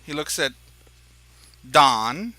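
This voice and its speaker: A man's voice: fairly high pitch, lively intonation, drawn-out words, pushed and bright, poor audio. A man narrating as dungeon master in a tabletop game, describing scenes in a rambling, hesitant way with many fillers.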